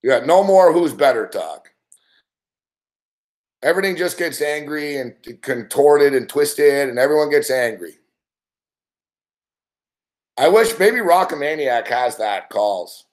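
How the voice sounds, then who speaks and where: A man's voice: on the high side, animated, slow, pauses often, darkish tone. A man hosting a late-night sports talk stream, ranting in a rambling, profane way and reading out chat between laughs. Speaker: sports talk show host.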